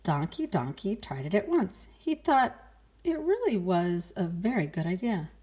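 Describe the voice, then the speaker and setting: A woman reading a children's picture book aloud, playful and expressive, sighing and exclaiming along with the story. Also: medium pitch, measured pace.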